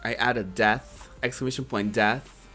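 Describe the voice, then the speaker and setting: A streamer in their twenties chatting casually to a live chat, playful and quick to laugh. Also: medium pitch, fairly even intonation, a bit bright, faint music behind. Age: 20s.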